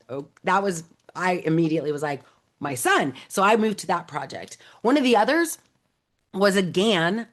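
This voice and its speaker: A woman in her thirties telling a personal story in a casual talk, acting out quoted dialogue with many fillers. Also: fairly low pitch. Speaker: AI educator.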